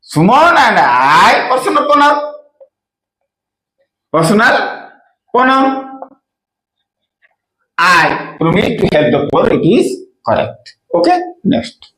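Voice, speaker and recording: Slow, lively-voiced teacher. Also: male voice, high voice. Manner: repeats key phrases, asks and answers own questions. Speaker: English grammar teacher. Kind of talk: slow explanatory lesson. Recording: echoey room.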